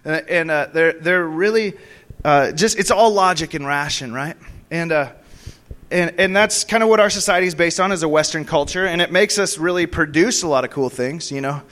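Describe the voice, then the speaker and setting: High-voiced young preacher, rambling and whooping. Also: male voice, normal speed, fairly bright tone. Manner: rambling, laughing, with many fillers and sudden high whoops. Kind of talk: charismatic sermon. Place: church meeting room.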